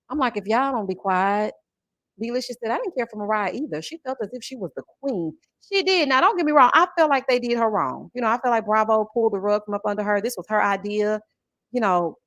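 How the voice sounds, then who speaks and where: A woman, chatting on a livestream about reality TV and reading viewer messages in a sassy, animated way. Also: medium pitch, no echo. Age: 40s. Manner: sassy, animated, calls viewers honey and child. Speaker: YouTube reality-TV reviewer. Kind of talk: casual livestream chat reading super chats.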